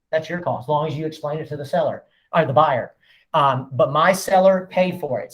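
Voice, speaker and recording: A man, a real estate broker, casually training agents in a folksy, joking way. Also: on the high side. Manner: folksy, joking, acts out quotes. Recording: echoey room, voice off-mic.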